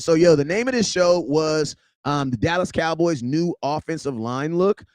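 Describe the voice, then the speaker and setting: Man fronting a fan vlog, high voice, dry close sound, slangy and animated. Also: moderate pace, no room sound. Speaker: sports vlog host. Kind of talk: casual unscripted rant.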